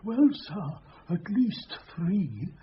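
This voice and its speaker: A deferential old male country butler, apologetic and rustic in speech, with a high voice. He sounds like a muffled old radio play, a faint hiss underneath. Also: big pitch swings, very slow, full character voice. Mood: earnest. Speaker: butler Rainbird. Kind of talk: radio drama acting.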